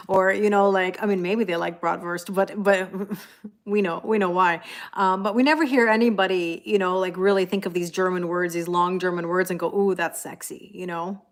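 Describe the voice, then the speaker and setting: A woman's voice: mid-range voice, fairly even intonation, brisk. A woman, a tarot reader chatting casually on a live stream, laughing often and reading viewer comments aloud. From Canada.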